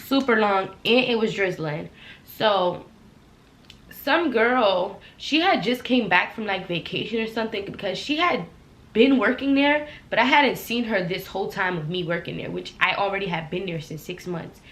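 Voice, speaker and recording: A young woman telling a heated work story in a casual storytime vlog, acting out the quotes loudly. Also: mid-range voice, normal speed. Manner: animated, heated retelling with loud acted-out quotes. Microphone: laptop camera. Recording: echoey room.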